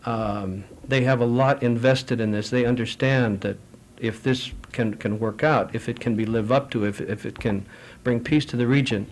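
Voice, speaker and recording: A middle-aged man speaking at a foreign affairs forum, answering audience questions in a measured, anecdotal way with frequent restarts. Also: medium pitch, steady tone.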